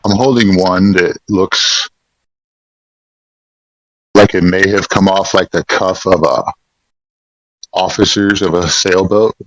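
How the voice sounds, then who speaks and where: Male player, deep voice, rambling, dry close sound. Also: steady tone, takes it slowly, long pauses, fairly bright tone, no echo, low-quality recording. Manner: rambling, full of likes. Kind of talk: casual tabletop play.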